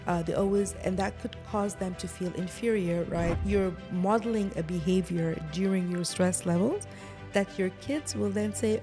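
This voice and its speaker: A woman's voice: on the low side, normal speed, over music. Laughing woman from Egypt, guest. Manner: thoughtful, laughs often. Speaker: kids life coach guest. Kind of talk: podcast interview.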